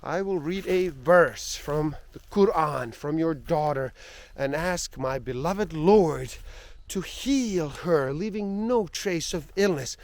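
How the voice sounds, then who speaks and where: A man voicing a clever, measured sheikh in a spoken tale. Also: on the high side, lively intonation, no room sound. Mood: serene. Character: clever, calm old Muslim sheikh.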